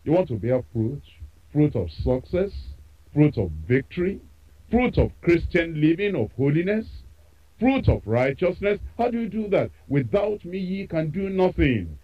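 A man preaching a sermon, with emphatic repetition and expressive delivery. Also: fairly high pitch, measured pace, highs cut off.

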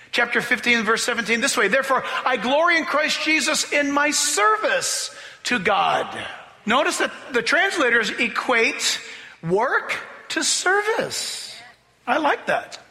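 A man preaching a sermon as pastor, animated, acting out voices to make his points. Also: extremely high pitch. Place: church sanctuary. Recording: long hall reverb.

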